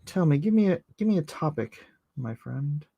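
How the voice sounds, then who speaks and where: A man's voice: a little high, sing-song, moderate pace, gravelly, breathy edge, highs cut off. A man chatting casually with his viewers while he inks a drawing live, rambling and joking as he answers the chat. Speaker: artist streaming live while inking.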